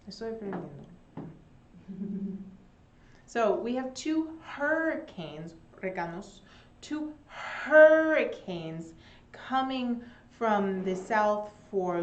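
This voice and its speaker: Slow, animated woman teaching English. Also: mid-range voice, a little hiss or hum. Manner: slow and animated, with Spanish glosses. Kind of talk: online English lesson. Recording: echoey room.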